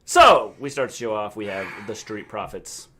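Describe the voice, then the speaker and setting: A man's voice: fairly low pitch, sing-song, normal speed, bright, forceful tone. A middle-aged man co-hosting a casual wrestling livestream, dry and teasing, with playful jokes. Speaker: co-host.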